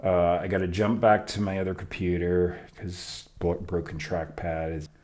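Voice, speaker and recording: A man talking casually on a live stream while recording his own song, chatty and self-critical about each take, his voice not fully warmed up. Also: deep voice, level tone, normal speed. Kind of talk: casual live-stream commentary between vocal takes.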